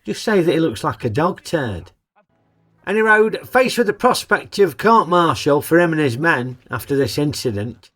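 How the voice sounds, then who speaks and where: A man's voice: a little high, a bit bright. A man narrating a comic film review in a cheeky, sarcastic, colloquial way.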